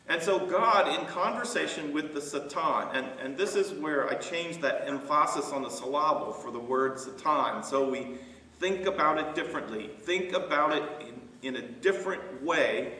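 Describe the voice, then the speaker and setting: A man who is a pastor, leading a Bible study discussion in a halting way, with many fillers and restarts. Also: a little high, bright, forceful tone. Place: church sanctuary. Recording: echoey church hall, mic from far off.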